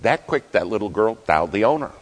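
A man preaching, telling an animated story with shifts in loudness. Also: lowish voice, quick pace. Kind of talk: sermon storytelling.

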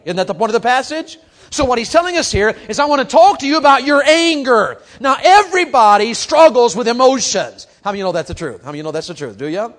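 High-voiced guy preaching, swoops up and down a lot, pounds questions at the kids. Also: fast. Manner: animated, calls out questions to the crowd; swings from quiet to shouting. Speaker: youth preacher. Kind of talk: sermon.

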